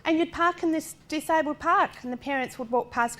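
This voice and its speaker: A fairly high-voiced middle-aged woman speaks to a class as the parent of a disabled child. She is blunt and lively, asks pointed rhetorical questions and slips into the voices of the people she describes. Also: brisk. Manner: direct and forthright, with rhetorical questions; animated, acting out other people's lines. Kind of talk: lecture talk drawn from personal experience.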